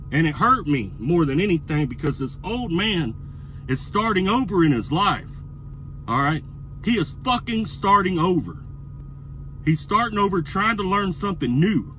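A middle-aged man telling an angry, profane story about a truck stop that builds into heated yelling. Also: a little high, a little hiss or hum. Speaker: truck driver vlogger.

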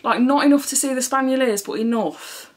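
A woman's voice: high-pitched, fairly quick. A woman chatting frankly through a clothing try-on haul, swearing freely and often slightly out of breath. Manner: chatty, frank and swearing, with frequent "do you know what I mean". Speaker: fashion vlogger.

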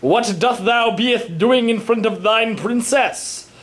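A man's voice: very high-pitched, slow, a bit bright, exaggerated voice. A man voicing a boastful, pompous villager with a sword who pretends to be a prince, in a comedy skit. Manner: pompous, fake old-fashioned speech.

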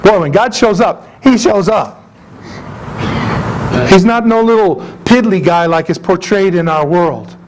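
A man preaching a sermon as pastor, emphatic and animated, with asides and jokes to his congregation. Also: high voice, unhurried, noisy background. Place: church sanctuary.

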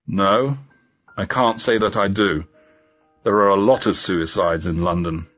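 A man reading the lines of a stern, principled male police inspector in a storybook, in a calm, low-key way. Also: measured pace, highs cut off, soft background music. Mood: puzzled.

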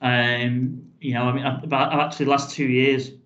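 Flat-voiced man telling a story, lo-fi. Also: medium pitch, moderate pace. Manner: rambling, restarts phrases, frequent "um" and "you know". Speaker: football club chief executive. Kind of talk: casual storytelling in a podcast interview. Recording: dull lo-fi audio.

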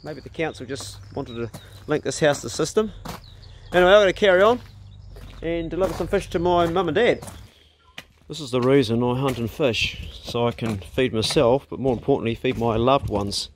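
A man's voice: medium pitch, normal speed, slight background noise. A man with a New Zealand accent chatting casually as he films outdoors on a rural property with a handheld phone. He is laid-back and slangy and now and then talks to animals in a playful voice. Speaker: outdoor food vlogger. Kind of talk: casual chat.

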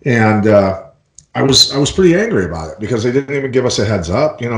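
A middle-aged man from Iowa, a former fighter and interview guest, telling his story in a relaxed, rambling way with many fillers and restarts. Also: mid-range voice, a little fast, echoey room, low-quality recording. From Iowa, United States.

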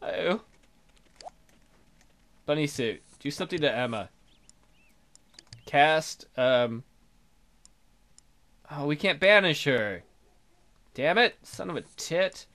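A man's voice: a little high, expressive, slow pace, pauses often, a bit bright. A man hosting a let's play, chatting casually and joking crudely about his game characters.

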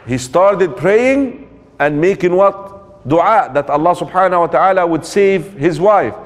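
A man's voice: sits high, expressive, measured pace. A man giving a religious lecture in a storytelling way, asking the audience rhetorical questions and mixing in quoted Arabic phrases. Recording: long hall reverb.

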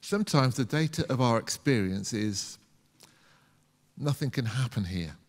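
A man's voice: mid-range voice, expressive, unhurried. A man from the UK preaching a sermon as a pastor, conversational, with rhetorical questions and acted-out quotes. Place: church hall. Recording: long church hall reverb.

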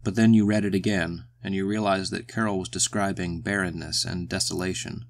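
Low-voiced man reading a dark story. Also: fairly even intonation, fairly quick. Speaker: audiobook narrator. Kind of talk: first-person story reading.

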